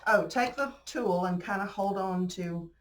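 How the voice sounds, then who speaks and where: A woman's voice: medium pitch, a little slow, a little hiss or hum. A woman with a Southern US accent hosting a casual crafting demonstration, chatty and folksy, laughing often. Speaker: crafting tutorial host. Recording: roomy, distant mic with faint ambience.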